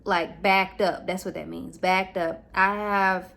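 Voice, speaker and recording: A woman's voice: fairly low pitch, steady tone, slow pace, vocal fry, a bit bright. A young adult woman vlogging about her experience as a new mom, talking casually and candidly with many fillers. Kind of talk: casual personal storytelling.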